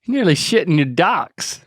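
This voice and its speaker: A young man co-hosting a podcast, playful and teasing, quick to laugh. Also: medium pitch, fairly bright tone, no echo, studio quality. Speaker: podcast co-host. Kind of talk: casual podcast chat.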